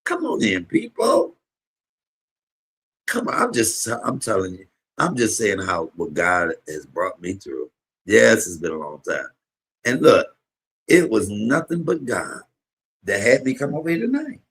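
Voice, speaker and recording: Husky preacherly man on a livestream. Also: very animated, a little slow, pauses often, a bit bright. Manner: preacherly, call-and-response to viewers; swings from low murmurs to high exclamations. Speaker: livestream host, comedian. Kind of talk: emotional testimony on a livestream.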